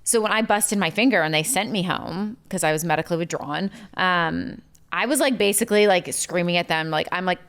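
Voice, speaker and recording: Chatty woman with a smooth low voice. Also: fairly quick, fairly bright tone. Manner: chatty storytelling full of "like" fillers. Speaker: podcast guest. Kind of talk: casual chat.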